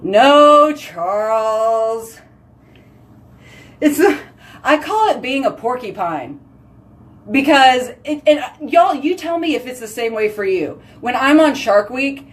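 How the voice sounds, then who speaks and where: A woman's voice: a little high, lively intonation, unhurried. A chatty woman, hosting a casual live stream and talking with her viewers. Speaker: livestream host.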